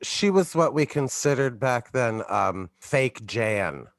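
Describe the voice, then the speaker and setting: A man co-hosting a podcast, chatting casually with quick, incredulous quips and easy swearing. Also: medium pitch, expressive, noisy background. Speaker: podcast co-host. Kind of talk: casual chat.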